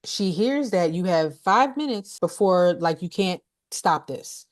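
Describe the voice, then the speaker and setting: Woman on a podcast retelling a movie plot, kinda low voice, blunt, swears, laughs a lot. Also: a little slow. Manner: animated, laughing, blunt and profane. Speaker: podcast co-host, movie reviewer. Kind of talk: casual movie recap.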